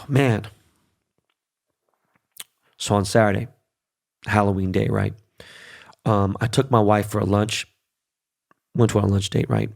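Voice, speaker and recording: Podcast host, middle-aged man, low gravelly voice, swears freely, casual storytelling. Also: fairly even intonation, takes it slowly, long pauses. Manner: profane, emphatic, conversational.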